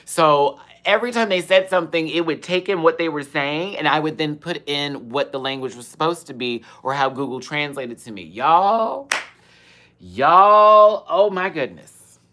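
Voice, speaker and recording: Her low-pitched, fairly bright voice moves briskly with hardly any pauses as this young Q&A host casually tells a story on her livestream. She's sassy and profane, dramatic, and bursts into laughter.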